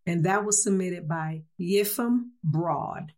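A woman's voice: fairly low pitch, slow, a little mellow. A woman reading humorous excerpts aloud, chuckling at the jokes she reads.

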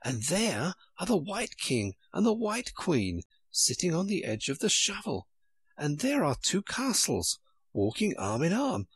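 A man voicing Alice, a curious and gentle young girl, in a soft, lightly raised voice. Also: a little high, huge pitch swings, unhurried, breathy edge, no echo, pitched above the performer's own voice, exaggerated voice.

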